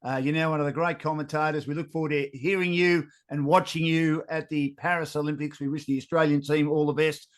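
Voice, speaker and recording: A woman's voice: low voice, fairly even intonation, brisk, hardly any pauses. A woman hosting an interview. She chimes in with short agreements and asks polished, well-formed questions. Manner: short affirming interjections, polished wrap-ups. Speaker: interview host. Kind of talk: podcast interview.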